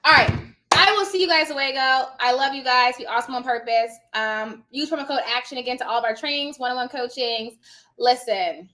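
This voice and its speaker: A woman's voice: high-pitched, fairly quick, sharp tone. A woman in her thirties hosting a live stream, giving emphatic motivational advice straight to her viewers in a casual way. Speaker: live-stream host and notary coach.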